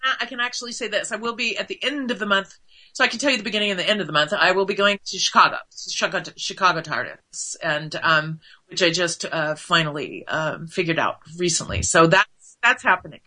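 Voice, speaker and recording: A woman guest in a casual interview, chatty and animated, with lots of fillers and quick asides. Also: fairly low pitch, low-quality recording.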